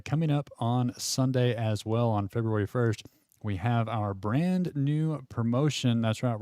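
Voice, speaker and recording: A man's voice: medium pitch, mellow, clean tone, dry recording, studio quality. A man hosting a live poker stream, chatting casually with fillers and frequent laughs.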